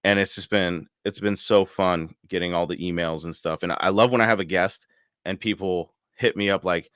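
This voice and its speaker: A man's voice: low voice, steady tone, normal speed, a bit bright, clean tone, no room sound, studio quality. A man hosting a live podcast, chatting casually and laughing often as he reads out viewer comments. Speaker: podcast host. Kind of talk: casual live-stream chat.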